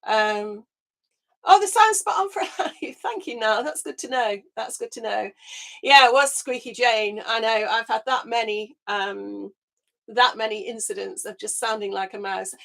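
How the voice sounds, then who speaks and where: A woman hosting a casual live gardening chat through her webcam microphone, chatty and quick to laugh, her voice a little squeaky as it recovers. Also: creaky, fairly bright tone. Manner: chatty, laughs often, greets viewers by name. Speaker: gardening channel host.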